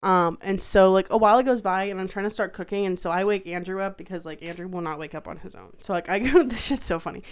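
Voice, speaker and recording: A woman's voice: medium pitch, fast talker, hardly any pauses, clear, resonant tone. A woman podcast co-host telling a story in casual, rambling chat, swearing freely and saying "like" often. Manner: rambling, profane, full of "like".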